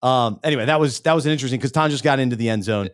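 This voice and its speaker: A man co-hosting a casual podcast, rambling a little and tripping over his words, often dropping low at the ends of lines. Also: racing. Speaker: podcast co-host.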